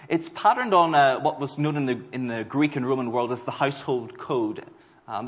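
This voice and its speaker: A man preaching a sermon to a congregation, earnest and emphatic, leaning on slow stressed words. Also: medium pitch. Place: church hall. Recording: dull sound with long hall reverb.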